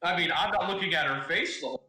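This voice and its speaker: Male tabletop player with a bright, tense voice; hesitant, filler-heavy casual chat in a roomy space. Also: a little high. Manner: halting, filler-heavy, laughs often. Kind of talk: casual role-play chat.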